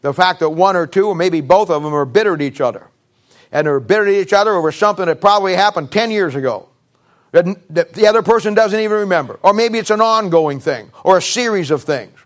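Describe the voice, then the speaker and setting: Male pastor, middle-aged, high-pitched voice, folksy emphatic sermon. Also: animated, fast talker.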